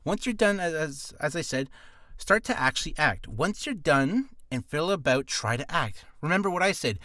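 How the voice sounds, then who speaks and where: A man's voice: fairly high pitch, animated, moderate pace, pushed and bright, dry recording, studio quality. A man coaching voice acting in a loose, rambling, joking way. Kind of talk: casual coaching talk.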